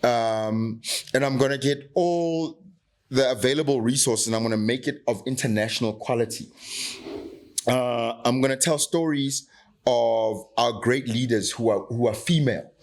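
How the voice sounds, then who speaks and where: A man's voice: medium pitch, moderate pace. A middle-aged man from South Africa, an actor talking as a podcast guest, passionate and emphatic, making his points with rhetorical questions. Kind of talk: candid podcast conversation.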